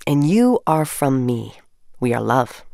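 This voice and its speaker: Low-voiced woman radio cohost, upbeat, reads poems out loud, dry close sound. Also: sing-song, slow pace, gravelly, no room sound. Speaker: radio co-host. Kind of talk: radio chat and poetry reading.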